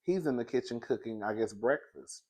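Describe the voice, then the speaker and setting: Young male reviewer, gossipy and animated, medium pitch, keeps calling the audience girl and baby. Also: moderate pace, breathy edge. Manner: sassy, gossipy, laughs often, calls listeners girl and baby. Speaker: TV show reviewer. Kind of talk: animated casual recap.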